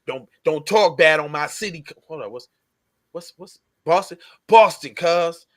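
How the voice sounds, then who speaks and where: A man's voice: a little high, normal speed, fairly bright tone, no room sound. A man co-hosting a podcast in casual, slang-heavy banter, repeating "cuz" and laughing often. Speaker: podcast co-host.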